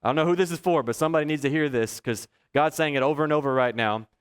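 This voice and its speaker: High-voiced laughing preacher. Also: male voice, fast, clean tone. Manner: chuckles often, lively storyteller. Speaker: pastor. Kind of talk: sermon with personal stories.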